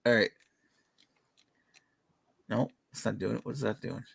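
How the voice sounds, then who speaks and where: A man hosting a casual podcast chat, loud and profane, laughing often. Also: on the low side, steady tone, measured pace, gravelly, husky, no echo.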